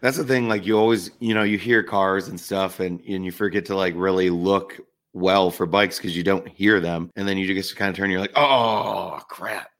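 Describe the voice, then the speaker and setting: Brief: male podcast co-host, very low voice, loose and easygoing chat. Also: brisk. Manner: relaxed, rambling. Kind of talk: casual chat.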